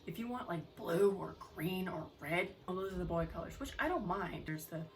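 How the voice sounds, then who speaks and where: A woman's voice: on the low side, moderate pace. A young woman hosting a casual beauty vlog, chatty and profane, wandering off on long tangents. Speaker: beauty vlogger host. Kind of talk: casual chat. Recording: mic a bit far off, faint noise.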